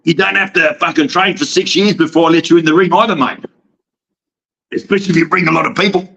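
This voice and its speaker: A man's voice: a little high, fairly even intonation, fast talker, gravelly, sharp tone, a little hiss or hum. A brash, fired-up Australian man, a wrestling promoter guesting on a podcast, swearing freely and laughing often. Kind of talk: casual podcast interview. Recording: dull lo-fi sound.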